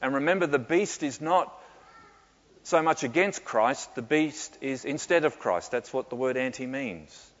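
A man answering questions in a sermon, reflective and often pausing with fillers and soft laughs. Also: medium pitch, animated. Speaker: pastor. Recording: muffled with long hall reverb.

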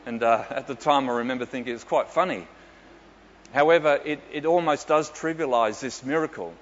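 Pastor preaching with dry humour. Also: male voice, mid-range voice, moderate pace, long pauses, a bit bright, slight background noise. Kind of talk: sermon. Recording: dull echoey hall with faint ambience.

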